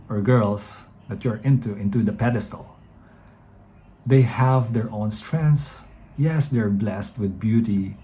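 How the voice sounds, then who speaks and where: Filipino guy in his 30s rambling dating tips at the camera, lowish mellow voice, faint room hum. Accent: Filipino English. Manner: chatty, rambling, addresses viewers as guys. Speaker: dating advice vlogger. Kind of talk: casual advice talk to camera.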